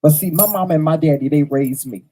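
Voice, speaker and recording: A man speaking to his audience in a mellow, husky voice. He tells a personal story bluntly, with cursing, and hammers his points home by repeating phrases. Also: a little high, a little fast, poor audio. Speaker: host. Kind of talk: casual storytelling monologue to viewers.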